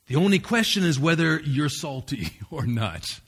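A man delivers a sermon as pastor, his voice sitting a little higher than most men's. He preaches in an earnest, emphatic way, pressing his points and sometimes restarting a phrase. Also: big pitch swings, normal speed, fairly bright tone, breathy edge.

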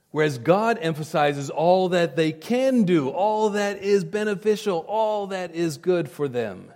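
A man's voice: high voice, animated, measured pace, hardly any pauses, a little mellow, long reverb tail. A male pastor preaching a sermon emphatically, with repeated phrases and direct appeals to his listeners.

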